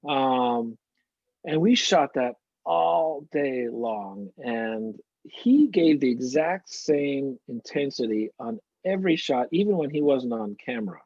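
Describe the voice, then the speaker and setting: Husky guy chatting about his acting days, muffled dry sound. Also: mid-range voice, expressive, slow pace, no echo. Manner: anecdotal, warm storytelling with frequent restarts. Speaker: actor guest. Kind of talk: casual interview chat.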